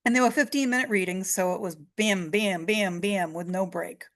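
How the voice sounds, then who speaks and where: A middle-aged woman, a psychic medium, chattily recounting her early readings in an interview, hoarse and losing her voice. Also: mid-range voice, moderate pace. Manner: chatty, retells exchanges with quoted voices. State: losing her voice, clearing throat. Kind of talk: storytelling in an interview.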